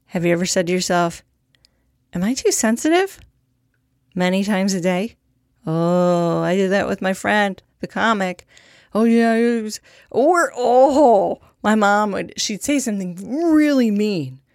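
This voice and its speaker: A woman's voice: mid-range voice, a little slow, darkish tone, dry recording, studio quality. A young woman hosting a podcast in a casual monologue, candid and profane, with a self-deprecating streak. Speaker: podcast host.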